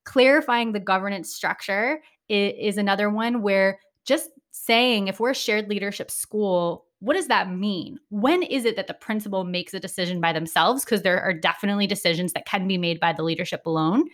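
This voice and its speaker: A woman talking as a guest in a relaxed conversation, articulate and engaged. She explains her points fluently, sometimes backtracking to rephrase as she thinks aloud. Her voice sits in an ordinary middle range for a woman. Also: medium pitch, moderate pace, few pauses. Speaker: education consultant guest. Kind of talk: casual conversational interview.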